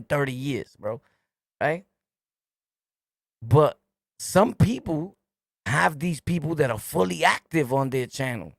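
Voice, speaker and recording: Blunt New York man ranting, gravelly. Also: mid-range voice, no room sound, clean studio sound. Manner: blunt, repetitive, preachy slang. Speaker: YouTube host. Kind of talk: streetwise monologue rant.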